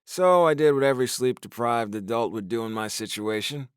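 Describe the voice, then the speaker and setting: A man's voice: mid-range voice, brisk, smooth, dry recording, studio quality. A man narrating a novel in the first person, with a wry, exasperated storytelling manner. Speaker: audiobook narrator.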